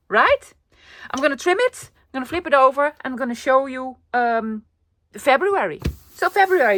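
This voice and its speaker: A woman's voice: fairly high pitch, a bit bright. A young woman chatting playfully to her viewers while she crafts, calling them love and dropping to a whisper now and then. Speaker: craft vlogger. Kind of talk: casual crafting vlog chat.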